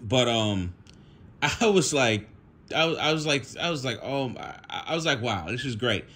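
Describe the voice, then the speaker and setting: A young man, telling a casual story at home, animated, laughing often and swearing freely. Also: mid-range voice, normal speed, breathy edge. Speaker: vlogger.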